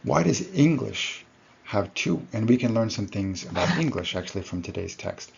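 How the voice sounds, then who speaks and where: Gravelly low-voiced male lecturer. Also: lively intonation, normal speed, highs cut off, noisy background. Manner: explanatory, self-correcting. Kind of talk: recorded lecture.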